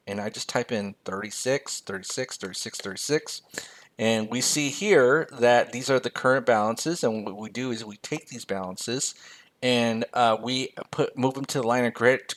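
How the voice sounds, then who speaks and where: A man raised in the United States mentors on personal finance during a screen-share spreadsheet tutorial, joking around and reading figures aloud as he types. His mid-range voice has a fairly bright tone and moves at a moderate pace.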